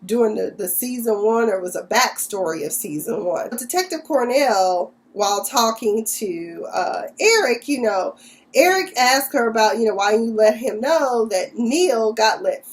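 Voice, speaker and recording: A woman's voice: fairly high pitch, lively intonation, measured pace. A woman giving a casual, slangy recap of a TV episode, full of sassy asides. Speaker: TV recap vlogger.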